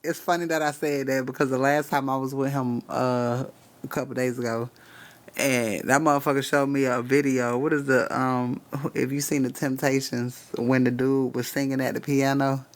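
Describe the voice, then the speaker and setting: A man's voice: medium pitch, flat delivery, normal speed. A man giving spiritual readings on a casual live stream, cursing freely, laughing often and talking straight to his chat.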